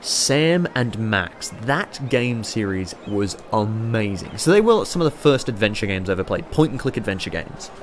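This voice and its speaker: A man rambling excitably and swearing freely as he chats casually over a city-building game. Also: fairly low pitch, normal speed, hardly any pauses, slight background noise. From Australia. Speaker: YouTuber playing a city-builder.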